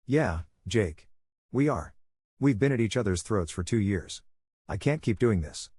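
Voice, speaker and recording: Weary, quiet wife, read by a man. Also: lowish voice, expressive, unhurried, slightly rough, no room sound, studio quality. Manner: quiet, restrained. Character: weary wife ending her marriage, grown woman. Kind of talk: scripted story reading.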